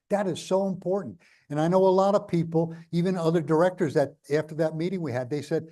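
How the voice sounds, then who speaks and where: An older New York man, a guest in an on-stage interview, talks fast in a dark-toned voice that sits on the high side. He tells blunt, rambling stories full of jokes, like someone chatting with a host.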